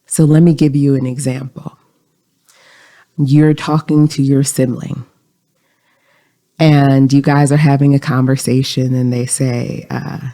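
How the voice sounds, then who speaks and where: Gravelly, mellow-voiced podcast host. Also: medium pitch, measured pace, pauses often. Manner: calm, explanatory, coaching tone. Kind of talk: self-help podcast talk.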